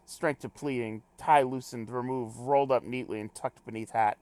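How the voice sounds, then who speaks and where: A man's voice: mid-range voice, fairly even intonation, moderate pace, darkish tone, clean tone, natural voice. Man reading as a stiff, telegraphic adventurer. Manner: clipped telegraphic log-speak, pompous wording. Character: terse, formal male adventurer logging reports.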